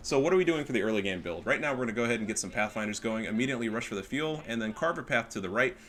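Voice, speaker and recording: A man chatting casually over a strategy game match, crude and joking. His voice is bright and forceful, sitting at a middle pitch. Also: expressive, fast. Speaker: gameplay commentator.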